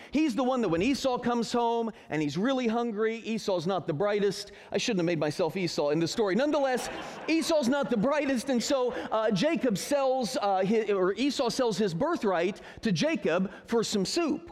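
A man's voice: high-pitched, a little mellow. A man teaching a Bible story to a group in a joking, sarcastic way. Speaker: pastor. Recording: reverberant hall.

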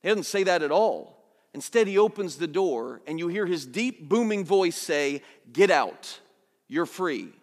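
A man pastor preaching a sermon, swinging from soft, low lines to loud, urgent ones. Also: animated, moderate pace, in a large hall.

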